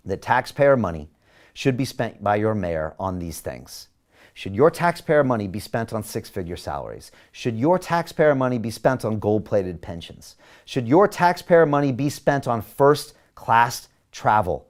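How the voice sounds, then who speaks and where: An emphatic man delivers a campaign address straight to his viewers, his voice sitting at an ordinary middle pitch. He hosts the show himself and keeps rallying his audience with repeated rhetorical questions. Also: a little mellow, clean tone. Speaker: mayoral candidate and show host.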